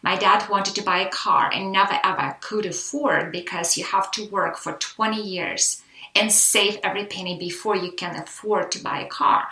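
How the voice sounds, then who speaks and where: A woman's voice: medium pitch, normal speed, reverberant, poor audio. A middle-aged woman from the Soviet Union with a Russian accent, chatting as a guest in an interview and acting out the people she quotes. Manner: animated storyteller, acts out quotes. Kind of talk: casual interview chat.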